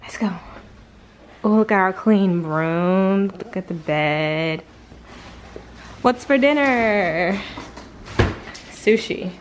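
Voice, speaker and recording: Woman, chatty family vlogger, handheld camera, clear vehicle noise behind. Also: medium pitch, extremely slow, pauses often. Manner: chatty, talks to her baby and the camera. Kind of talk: casual family vlog chat.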